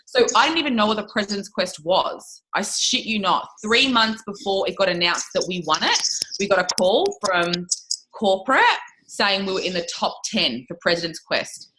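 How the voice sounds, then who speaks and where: A woman's voice: mid-range voice, bright, forceful tone, poor audio. A woman telling a story in a casual interview, chatty and swearing freely, with lots of "like" fillers. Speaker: interview guest, network marketing leader.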